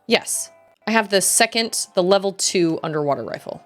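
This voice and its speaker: A woman streamer in her thirties talks casually over her gameplay, full of asides and family anecdotes. Her pitch moves a lot, and she slips into animated voices to quote people. Faint game music plays behind her. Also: normal speed.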